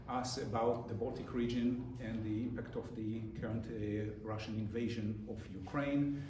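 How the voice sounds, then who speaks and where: A man gives a formal introduction of the speaker at an event, stopping now and then with a filler. His pitch is ordinary. He sounds distant in a reverberant room with clearly audible background noise. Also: mellow. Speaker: center director and host. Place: lecture room.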